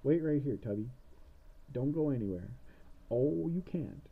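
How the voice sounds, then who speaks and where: A man voicing a cranky old female witch in a high, shrill, bossy way, on a dull lo-fi recording. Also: lively intonation, a little slow, gravelly, husky, exaggerated voice. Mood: mocking.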